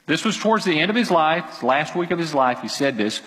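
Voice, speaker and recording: Animated preacher in an echoey hall. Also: male voice, on the high side. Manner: animated, emphatic preaching with quick asides. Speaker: pastor. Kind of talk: sermon.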